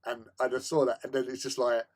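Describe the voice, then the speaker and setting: Talking fast in a medium-pitched voice, a casual hobby streamer recounts a story from his home hobby room. He's lively, laughs a great deal, and keeps stammering and doubling up words.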